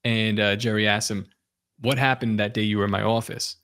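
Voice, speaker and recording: A man hosting a podcast, relaxed, telling a story with lots of fillers. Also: fairly low pitch, brisk. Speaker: podcast host.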